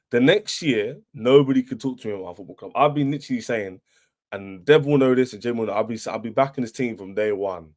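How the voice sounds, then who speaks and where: A man's voice: mid-range voice, brisk. Boastful young man ranting. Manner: boastful, repetitive, taunting. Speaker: football fan livestream host. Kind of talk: livestream rant.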